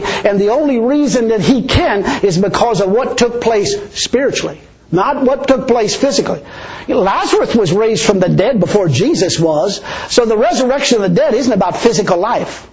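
A man's voice: very high-pitched, lively intonation, normal speed, darkish tone. A man preaching a sermon as pastor, chuckling often and repeating words for emphasis. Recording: dull lo-fi recording.

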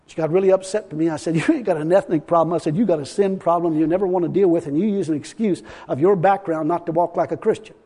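A man's voice: on the high side, fast talker, hardly any pauses, warm tone, in a large hall. A man preaching a sermon as pastor, emphatic and folksy, often chuckling as he talks.

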